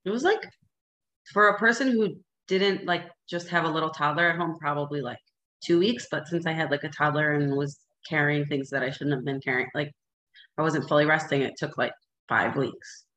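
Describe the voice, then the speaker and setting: A woman's voice: sits low, moderate pace, slight background noise. A woman in her thirties chatting casually, telling a story and acting out what people said. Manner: animated storyteller, acts out quotes. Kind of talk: casual chat.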